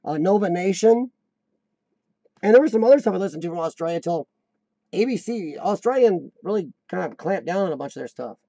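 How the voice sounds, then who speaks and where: A rambling, joking American man chats on his live stream, his voice pitched high with a mellow, dark edge. The sound is dry and close, with no room echo. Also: animated, brisk, gravelly. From United States. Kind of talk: casual live-stream chat.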